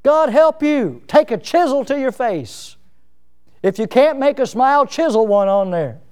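Preaching in a high, smooth, resonant voice, this middle-aged man keeps things folksy and down-to-earth. He's animated and unhurried, often poking fun at himself with lively emphasis.

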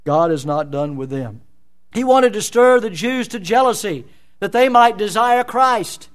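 Emphatic high-voiced preacher man. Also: animated, measured pace, clear, resonant tone. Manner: emphatic, rhetorical questions, dramatic voicing of scripture. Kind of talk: expository sermon. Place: church.

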